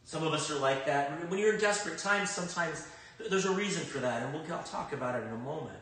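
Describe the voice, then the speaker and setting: A man preaching a sermon in a conversational way, swinging between loud emphatic bursts and quiet reflective stretches. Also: a little high, quick pace, distant mic. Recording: very echoey room, speaker off-mic.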